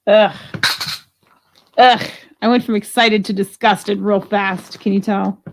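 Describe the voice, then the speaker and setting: A woman's voice: mid-range voice, level tone, normal speed, vocal fry. A woman hosting a live jewelry sale, chatting casually and thinking aloud as she prices pieces, with the odd grumble. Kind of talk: casual live selling chat.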